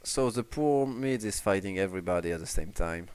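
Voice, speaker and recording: A man's voice: low-pitched, lively intonation, a little fast, a little mellow, clear, resonant tone, dry recording. A man with a French accent casting a strategy game casually, talking hesitantly with many fillers and restarts. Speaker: esports caster.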